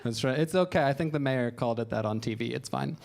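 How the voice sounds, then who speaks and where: A man's voice: medium pitch, fast, gravelly, a little mellow. A man doing a stand-up comedy set on a club stage, telling wry, self-deprecating stories into a handheld mic and acting out other people in raised voices.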